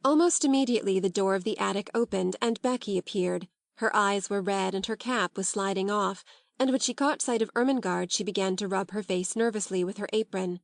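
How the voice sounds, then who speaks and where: A woman narrating a classic novel as an audiobook, in a calm, measured, unhurried way. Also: mid-range voice, creaky, no echo, studio quality.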